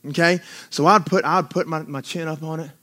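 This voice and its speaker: A man preaching a sermon as pastor, mixing conversational asides with rising, drawn-out emphasis. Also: fairly high pitch, fairly even intonation, bright, forceful tone. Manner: conversational asides with self-deprecating laughs.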